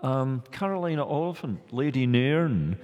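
A man speaking as a guest scholar in a discussion, thoughtful and halting, with frequent restarts. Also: medium pitch, animated, darkish tone, big-room sound, highs cut off.

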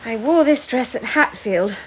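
An actress playing a middle-aged society hostess with a gracious, well-bred, genteel manner. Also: female voice, fairly high pitch, animated, moderate pace, slight background noise, lightly acted. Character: Mrs Dalloway, refined society hostess.

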